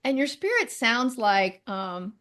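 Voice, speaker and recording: Chatty, animated woman, higher voice. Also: slow pace. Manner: chatty, animated, frequent laughs. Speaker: guest, medical intuitive and spiritual teacher. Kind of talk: conversational interview.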